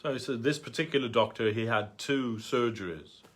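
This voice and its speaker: A man telling a story at a temple gathering in a halting way, with many fillers and restarts. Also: mid-range voice, a bit bright. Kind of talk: storytelling talk. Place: temple hall.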